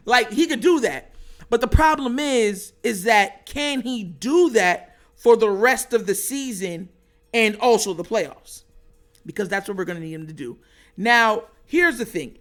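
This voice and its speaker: Excitable high-voiced man, sports talk. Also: a little slow, soft background music. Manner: excitable, laughs often, animated. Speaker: sports show host. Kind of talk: casual sports commentary.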